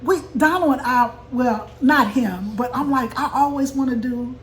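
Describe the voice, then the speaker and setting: A woman's voice: sits high, normal speed, slight background noise. An older woman hosting a casual home cooking vlog, chatting to viewers and laughing easily as she talks. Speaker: vlog host. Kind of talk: casual mukbang chat. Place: home kitchen table.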